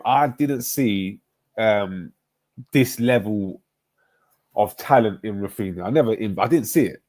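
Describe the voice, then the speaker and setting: A man's voice: on the low side, animated, measured pace, darkish tone. A young man hosting a football live stream, casually bantering with viewers in slang-heavy, swear-laced chat. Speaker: football livestream host.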